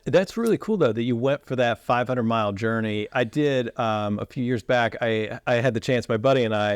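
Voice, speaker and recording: A man's voice: mid-range voice, no room sound. A man hosting a podcast, chatting casually and friendly with his guest. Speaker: podcast host. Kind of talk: casual interview chat.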